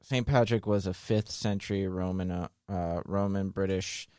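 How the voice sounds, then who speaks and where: Deep-voiced man with a dry wit. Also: steady tone, moderate pace, dark tone, clean tone, dry recording. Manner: dry, wry joker. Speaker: podcast co-host. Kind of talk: casual chat.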